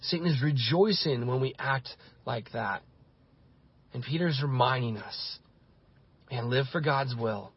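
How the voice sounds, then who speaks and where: Husky man preaching with repeated phrases. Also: mid-range voice, takes it slowly, long pauses, highs cut off. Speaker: pastor. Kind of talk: sermon.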